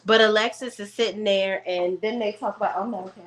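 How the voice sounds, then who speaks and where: A woman chats straight into her home camera. She is sassy and animated, talks to her viewers like friends, and keeps her recap casual. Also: medium pitch, quick pace. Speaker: reality TV recap vlogger. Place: room at home.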